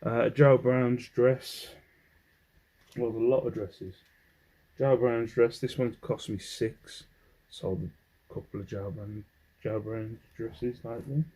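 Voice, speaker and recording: Taking it slowly and pausing often, an Englishman with a warm, steady, medium-pitched voice goes through his clothing finds in a relaxed haul video. He rambles and hums while sorting. The recording quality is low.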